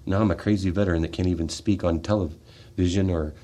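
Fervent and confrontational, this American military veteran's radio-studio monologue swings from loud outbursts down to quiet, heavy asides. His voice sits low with a steady tone, and he talks a little fast.

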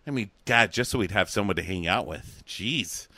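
A man's voice: fairly low pitch, lively intonation, moderate pace, sharp tone, no echo. A man co-hosting a casual chat, retelling scenes with a mocking, laughing manner. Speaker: podcast co-host.

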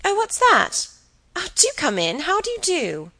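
A woman's voice: medium pitch, very animated, unhurried, a bit bright, no echo. A woman voicing an impulsive, scatterbrained young woman who chatters breathlessly in an audiobook. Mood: flustered.

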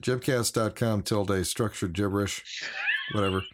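A man's voice: fairly low pitch, steady tone, a little slow, noisy background. A man co-hosting a podcast, joking dryly and wrapping up the episode. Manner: dry joking, reads out the show's links. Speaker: podcast co-host. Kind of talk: casual podcast chat.

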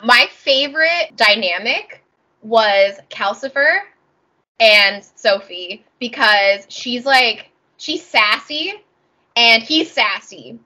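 Podcast co-host, woman, bubbly, bright and breathy tone, acts out the scenes she describes. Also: on the high side, animated, slow pace, poor audio. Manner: bubbly, acts out characters in quoted voices. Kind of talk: casual chat.

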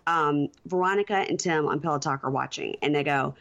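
A woman's voice: deep voice, brisk, fairly bright tone, highs cut off. A woman co-hosting a casual TV recap podcast, chatty and wry with mocking asides. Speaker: podcast co-host. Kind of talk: casual reality-TV recap chat.

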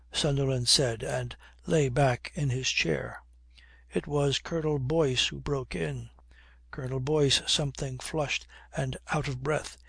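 A man narrating a historical novel in a measured, even reading, close to the mic. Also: mid-range voice, vocal fry, slightly rough, dry recording. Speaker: audiobook narrator. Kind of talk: scripted narration.

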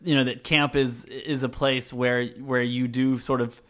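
A man's voice: mid-range voice, little pitch movement, a little slow, fairly bright tone. A man hosting a podcast, chatting casually with a guest and reacting with short laughs and agreement. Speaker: podcast host. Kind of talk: casual chat.

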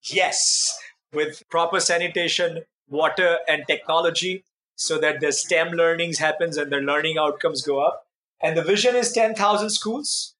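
A man being interviewed as a nonprofit founder, telling stories in an earnest, animated way. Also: a little high, normal speed. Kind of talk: conversational interview storytelling.

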